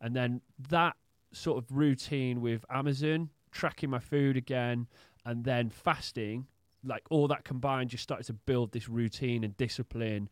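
A man's voice: mid-range voice, steady tone, unhurried, few pauses, clear, resonant tone, no room sound, studio quality. A man co-hosting a podcast in casual chat, agreeing often and swearing casually. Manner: chatty, frequent agreeing yeahs, swears casually. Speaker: podcast co-host.

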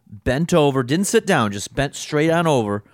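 Slightly high and sing-song, his voice moves at a normal speed in a studio-quality recording with no room sound. A young co-host on a casual podcast, he rambles about past jobs, curses often, and is self-deprecating.

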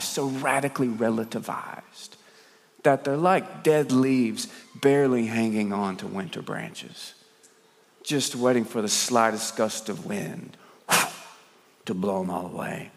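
A man preaching a sermon as a dramatic storyteller, firing rhetorical questions and swinging between loud and soft. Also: fairly high pitch. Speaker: pastor. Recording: long hall reverb.

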